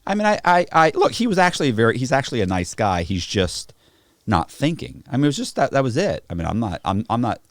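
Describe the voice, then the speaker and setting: A man telling stories in casual podcast chat, profane and animated, acting out the people in them. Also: mid-range voice, quick pace, no room sound, clean studio sound. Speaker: podcast guest. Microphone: podcast studio mic.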